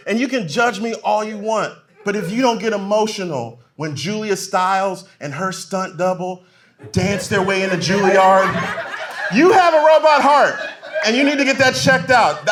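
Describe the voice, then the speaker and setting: A man performing a live stand-up comedy set on a club stage, swinging between loud punchlines and quiet muttered asides. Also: high-pitched.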